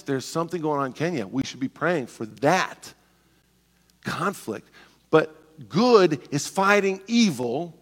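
A man with a high, bright voice preaches with bursts of humor, putting on voices for the characters in his anecdotes. His words ring out with the long reverb of a church sanctuary. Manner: animated, joking, acts out voices of people in his stories. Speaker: pastor. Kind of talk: sermon.

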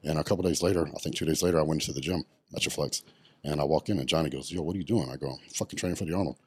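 Speaking rapid-fire in a husky bass, a retired bodybuilder in middle age recounts his life on a laid-back podcast interview. He's blunt and profane, ums a lot, and the recording is dry.

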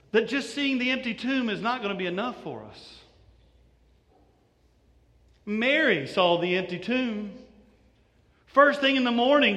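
A man preaching a sermon in a church, telling the story in an animated way with many restarts. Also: extremely high pitch. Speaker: pastor. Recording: reverberant church hall.

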